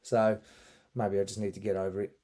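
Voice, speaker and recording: A man hosting a relaxed interview chat. His voice is warm and mellow, and he rambles with plenty of fillers and restarts. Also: fairly low pitch, a little fast, slight background noise. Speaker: podcast host and musician.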